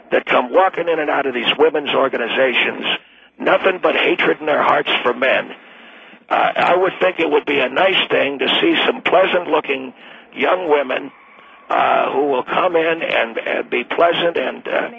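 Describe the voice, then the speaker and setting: A man's voice: a little high, gravelly, slightly rough. A man in his late seventies, a retired attorney calling in to a radio show, talking in a blustery, crude and blunt way. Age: 70s. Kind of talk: call-in radio talk. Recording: tinny phone line.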